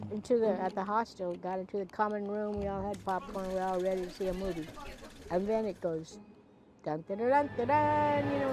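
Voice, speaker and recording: A woman recounting an amused anecdote in an interview. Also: a little high. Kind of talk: casual anecdotal storytelling.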